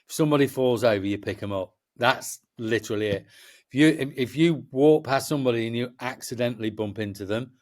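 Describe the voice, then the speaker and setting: A middle-aged Englishman talks as a guest on a chat show. His voice sits at an ordinary pitch, and he speaks passionately. He rambles and restarts his sentences again and again. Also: brisk. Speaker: festival promoter, guest. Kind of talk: casual chat.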